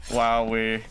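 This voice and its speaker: A man's voice: mid-range voice, a bit bright, slight background noise. A man streaming a game live, talking through play and answering chat in a self-mocking, exasperated way. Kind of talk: live gameplay commentary reading chat.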